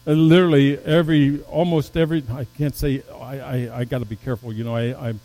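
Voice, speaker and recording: A man preaching a sermon as pastor, swinging from loud emphatic peaks down to low, soft passages, with stumbling restarts. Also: flat delivery, quick pace, poor audio.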